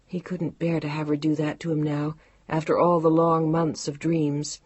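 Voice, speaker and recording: A woman narrating an audiobook romance in a measured, emotive storytelling manner. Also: sits low, little pitch movement, a little mellow, breathy edge, dry recording. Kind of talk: scripted narration.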